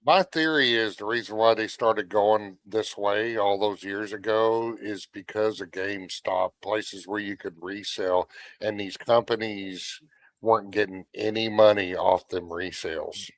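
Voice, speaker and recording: Calm low-voiced man explaining. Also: unhurried. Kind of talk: casual podcast discussion.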